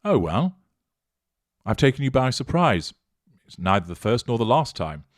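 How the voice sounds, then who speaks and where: A man with a British accent, hosting a channel and answering viewer comments in a mocking, deliberate way. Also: mid-range voice, sing-song, no room sound, clean studio sound. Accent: British English. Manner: sardonic, mocking, deliberate and measured.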